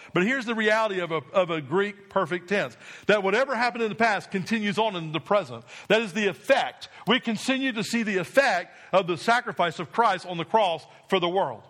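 A man preaching a sermon as pastor, repeating phrases with rising emphasis and dropping his voice low to drive points home. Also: fairly bright tone.

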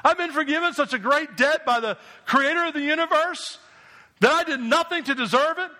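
High, bright-voiced preaching man. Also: brisk. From New Jersey. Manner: emphatic, with rhetorical questions to the congregation. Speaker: pastor. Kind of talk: sermon.

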